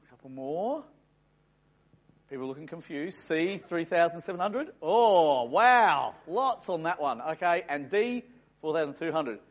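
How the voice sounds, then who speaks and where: A man's voice: on the high side, big pitch swings, measured pace. An Australian man running a playful quiz for a room of people, teasing and chatting with them as he goes. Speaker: quiz host for a live group. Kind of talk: playful quizmaster banter. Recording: muffled lo-fi recording.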